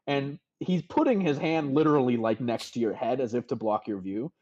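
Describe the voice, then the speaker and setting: A man's voice: medium pitch, a little fast, few pauses, darkish tone. A man narrating a tabletop game as game master, casual and full of fillers, on slightly dull audio.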